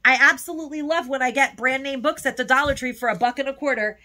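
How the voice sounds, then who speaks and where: A woman's voice: high voice, quick pace, pushed and bright. A woman chatting casually in a haul video, gushing and emotional, sometimes close to tears. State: tearful at times. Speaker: haul vlogger.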